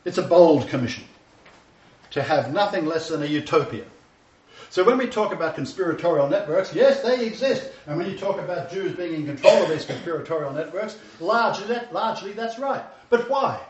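A man's voice: high voice, animated, a little fast. A man preaching a sermon lecture, emphatic and repeating his key phrases. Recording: distant, roomy, dull sound.

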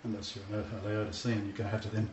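A man's voice: lowish voice, little pitch movement, fast talker, darkish tone. A man preaching a sermon lecture, emphatic and repeating his key phrases. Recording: distant, roomy, dull sound.

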